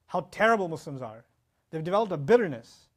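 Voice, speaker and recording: A man giving an animated Quran lecture as an Islamic teacher, reciting Arabic verses between explanations. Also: fairly high pitch. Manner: animated, fast-talking, mixes in Arabic recitation.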